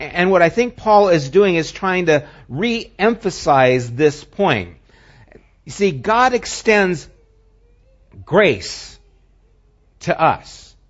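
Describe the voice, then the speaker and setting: A male pastor preaching a sermon, moving between animated emphasis and hushed, near-whispered lines. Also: a little high, dull audio.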